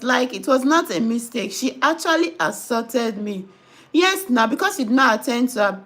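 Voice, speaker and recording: A young Nigerian nurse chatting casually, reading comments and telling animated stories with pidgin phrases mixed in. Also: female voice, high-pitched. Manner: animated storytelling, mixing in pidgin. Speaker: nurse and host.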